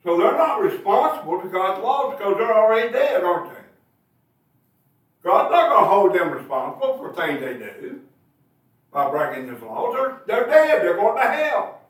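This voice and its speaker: A man with a high, sing-song voice preaches a sermon at a normal pace, posing rhetorical questions to his listeners and driving his points home in emphatic bursts. The recording sounds echoey, with the mic placed at a distance.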